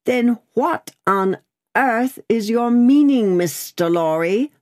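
A woman voicing a blustering, proud middle-aged male lawyer who speaks slowly and emphatically, as a character in an audiobook. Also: fairly high pitch, expressive, darkish tone, dry recording, clean studio sound, voice pushed up. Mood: indignant.

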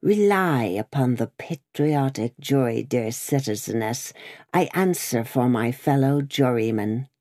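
A woman reading aloud, voicing a cruel male revolutionary juror with a croaking voice and slow, relishing delivery. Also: a bass voice, animated, darkish tone, dry recording, studio quality. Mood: gloating.

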